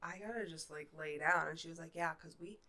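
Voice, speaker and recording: A woman's voice: deep voice, a little fast, a crowd in the background. A woman co-hosting a podcast with a stuffy, nasal voice from a cold, telling stories in casual chat and mimicking others. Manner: animated storytelling, mimics others. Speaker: podcast co-host.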